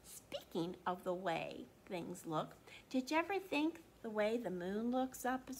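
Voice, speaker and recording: A woman's voice: medium pitch, big pitch swings, darkish tone, a little hiss or hum. A woman librarian reading a picture book aloud at storytime, stretching key words and asking the children questions. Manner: sing-song, drawn-out emphatic reading; asks the listening children questions.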